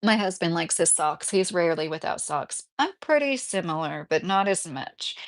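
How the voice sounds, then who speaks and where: A woman's voice: on the low side, lively intonation, moderate pace. A woman in her late thirties hosting a casual livestream from home, chatting and reading viewer comments aloud, often breaking into laughter. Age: 30s. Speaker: livestream host reading chat. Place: mobile home indoors.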